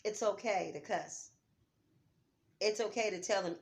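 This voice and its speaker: A middle-aged woman talking at home about grief, heartfelt, dropping to near-whispers and rising to loud urging. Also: lowish voice, brisk. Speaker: vlogger. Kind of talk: emotional vlog talk. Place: home, on a couch.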